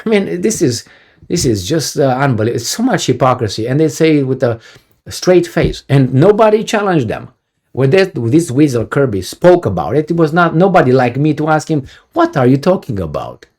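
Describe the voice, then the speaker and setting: A man's voice: on the high side, very animated, fairly quick, darkish tone. A middle-aged man giving a heated, sarcastic video commentary, with frequent profanity and rhetorical questions. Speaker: political commentator.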